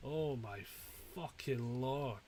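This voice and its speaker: A man giving live commentary on his own gameplay, swearing freely and breaking into panicked yells. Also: medium pitch, very slow, slight background noise. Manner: sweary, excitable, given to panicked yelling. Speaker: streamer.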